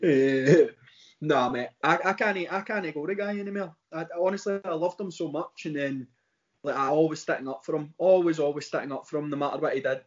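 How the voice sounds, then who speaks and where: Glaswegian guy rambling in casual banter, a bit high, dull lo-fi sound. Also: fairly quick. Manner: rambling, bantering, self-interrupting. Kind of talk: casual chat. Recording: dull lo-fi recording.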